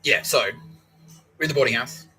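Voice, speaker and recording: A man's voice: medium pitch, moderate pace, sharp tone, faint music behind, rough recording. An Australian man hosting a podcast, telling a rambling, profane story and acting out the people in it. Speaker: podcast host. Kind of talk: rambling comedic monologue.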